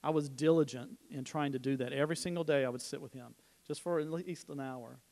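A man's voice: mid-range voice, steady tone, a little fast, vocal fry, a little mellow. A middle-aged man giving a conversational sermon at church, telling personal stories with informal restarts and asides. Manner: informal storytelling, frequent restarts. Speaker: church speaker.

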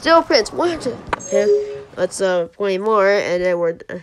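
A channel host giving rambling commentary on a mobile game, who yelps and groans at misses. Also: female voice, mid-range voice, very animated, a little slow. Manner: rambling, restarts sentences.

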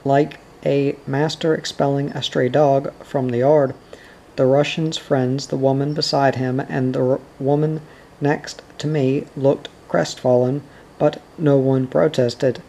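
Flat, mellow-voiced male audiobook reader. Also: mid-range voice, low-quality recording. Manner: even, measured reading with quiet quoted dialogue. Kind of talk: nonfiction audiobook narration.

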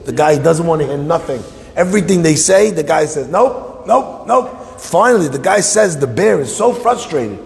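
A man, a rabbi, telling a long joke in a sermon, animated and laughing along with his own story. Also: on the high side, fairly quick, vocal fry. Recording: long hall reverb.

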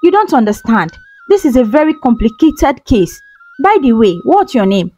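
A woman voicing a serious, doubtful male doctor who speaks gravely. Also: a little high, sing-song, normal speed, a little mellow, soft background music. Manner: grave, sighing.

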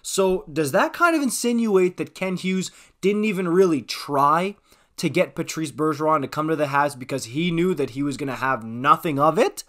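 Man, hockey news vlog, chatty, animated, higher voice. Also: normal speed. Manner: animated, chatty, talks straight to viewers. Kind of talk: casual commentary to camera.

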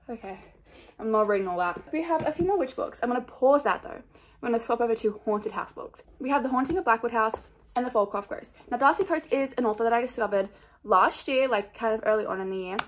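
Rambling young woman, slightly high voice. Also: animated, fast talker. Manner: rambling, scattered, self-mocking, many fillers. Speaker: book vlogger. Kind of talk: casual chat.

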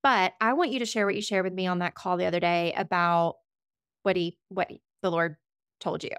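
A woman's voice: lowish voice, fairly even intonation, fairly quick, clear, resonant tone, no room sound, studio quality. A woman podcast host speaking in an encouraging way about faith and purpose to her guest. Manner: warm encouraging, faith language. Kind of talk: interview talk.

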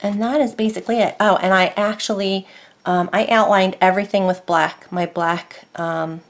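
A woman's voice: mid-range voice, steady tone, moderate pace. A woman casually showing and explaining her papercraft project, rambling with many fillers and self-corrections. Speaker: craft vlogger. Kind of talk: casual craft show-and-tell.

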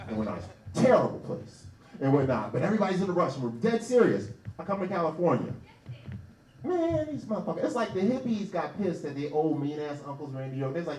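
A man hosts a comedy night with brash, profane riffing. His voice runs high and jumps all over the place. He is picked up from a distance in a roomy bar, with faint clicks behind him. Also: expressive, fast, darkish tone. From Philadelphia. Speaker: comedy show host. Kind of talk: stand-up hosting. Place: small comedy bar stage.

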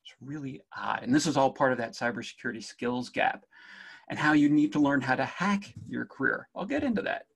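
A man's voice: mid-range voice, animated, fairly quick, vocal fry, a bit bright, slightly rough. A middle-aged man from New Jersey with a faint Jersey accent, giving a jokey conference talk on cybersecurity and speaking straight to the audience.

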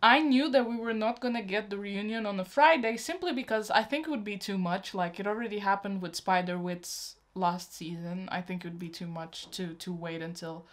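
A young woman talks straight to her viewers in a casual reaction vlog. She gushes openly, lets her excitement and tenderness run freely, and treats the audience like close friends. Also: mid-range voice, moderate pace, hardly any pauses. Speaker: YouTube reaction host.

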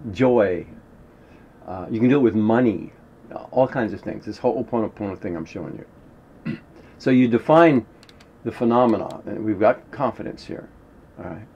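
A man talking casually and rambling as he teaches a spiritual technique, clearing his throat often and swearing now and then. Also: lowish voice, warm tone. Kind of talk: casual instructional monologue. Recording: dull lo-fi recording with faint noise.

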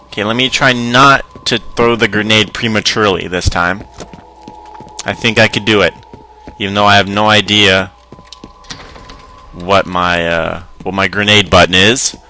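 A man's voice: fairly low pitch, fairly even intonation, measured pace, pauses often, bright, forceful tone, slight background noise. A young man giving goofy, rambling gameplay commentary, swearing often. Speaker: gaming video host.

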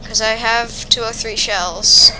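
A woman giving chatty, excitable, rambling commentary while playing a video game. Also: a little high, slow, noisy background. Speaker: let's play gamer. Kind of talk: casual gameplay commentary.

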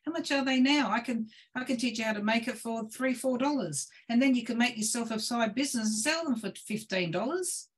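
A woman, a guest on a video call, telling lively stories about home cooking and cheese-making with laughs along the way. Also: on the high side, brisk, few pauses, husky. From Australia. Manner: lively, laughing, gestures while cooking talk. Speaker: guest presenter. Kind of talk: animated storytelling on a video call.

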